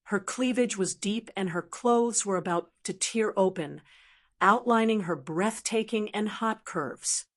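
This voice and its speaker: A woman narrating a fantasy novel audiobook in a steady storytelling voice. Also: mid-range voice, a little slow. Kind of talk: scripted narration.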